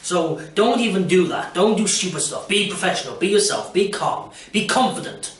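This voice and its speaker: A man's voice: high-pitched, big pitch swings, moderate pace, a bit bright, far from the mic. A young man rambling jokily about auditions and performing, with lots of fillers, recorded in an echoey room away from the mic. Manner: rambling, jokey, lots of "you know". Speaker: aspiring performer. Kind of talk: casual self-recorded audition talk.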